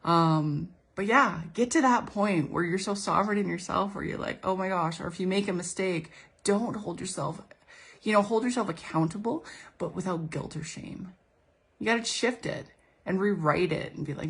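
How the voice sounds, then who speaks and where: An earnest woman spiritual coach talks casually to her viewers, circling back on her points and acting out little inner dialogues. Her voice sits a bit low, with plenty of vocal fry and a husky edge. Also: moderate pace. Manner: earnest, repeats herself, quotes imagined speech. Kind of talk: casual motivational monologue.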